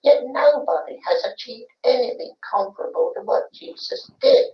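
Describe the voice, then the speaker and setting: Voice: mid-range voice, expressive, normal speed, lightly acted. A medium voicing the spirit of a young Cockney boy, preaching earnestly about human potential on an archival recording. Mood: solemn. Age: about 12 as played. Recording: roomy, dull archival séance tape.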